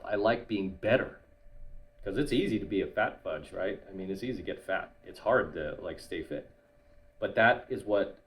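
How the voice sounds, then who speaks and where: A man hosting his channel, giving other men advice in a casual monologue and tagging nearly every point with "right?". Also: on the low side.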